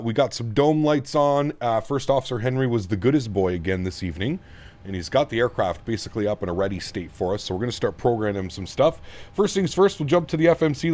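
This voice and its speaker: A man's voice: medium pitch, darkish tone. Chatty man streaming a flight sim. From Canada. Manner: greets viewers by name, reads chat aloud; talks through cockpit setup steps. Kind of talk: casual live-stream commentary.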